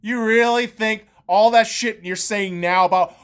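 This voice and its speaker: A woman's voice: mid-range voice, steady tone, unhurried, hardly any pauses, clear, resonant tone. A woman podcast host, in her thirties, on a heated and profane sports rant full of sarcastic jabs.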